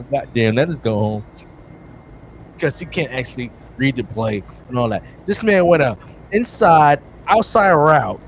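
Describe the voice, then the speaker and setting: A man co-hosting a casual sports podcast, talking in an animated, teasing way and calling out players directly. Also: sits high, a little hiss or hum. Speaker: co-host.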